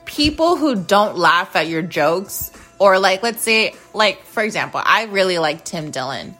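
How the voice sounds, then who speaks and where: A woman's voice: mid-range voice, lively intonation, unhurried, fairly bright tone, faint music behind. A woman hosting her own show, ranting casually in a blunt, profane, rambling way. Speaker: host. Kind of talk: casual rant to camera.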